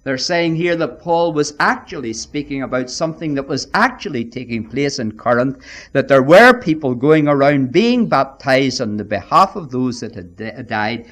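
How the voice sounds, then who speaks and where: A man preaching a sermon, emphatic and deliberate, often addressing his listeners as friends. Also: mid-range voice, animated, fairly bright tone.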